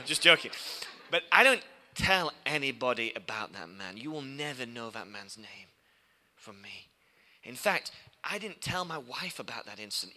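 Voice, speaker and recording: A male preacher giving a sermon, telling stories with big swings from loud, heated passages down to hushed whispers. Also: on the high side.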